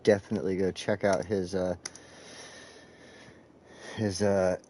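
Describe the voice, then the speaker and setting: A man's voice: low-pitched, little pitch movement, a little slow, warm tone, slight background noise. A man hosting a casual live game stream, rambling and swearing as he talks to his chat while clicking through menus. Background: faint background music.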